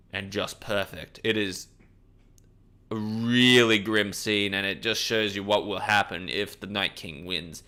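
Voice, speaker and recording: Reviewing a TV episode on video, this man speaks in a clean-toned voice on the low side. His casual review rambles excitably, with free swearing and frequent self-corrections.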